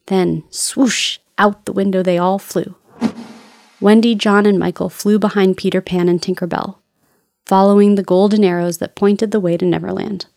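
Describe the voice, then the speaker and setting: A woman narrating a children's storybook in a clear, steady storytelling voice. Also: medium pitch, moderate pace, no echo.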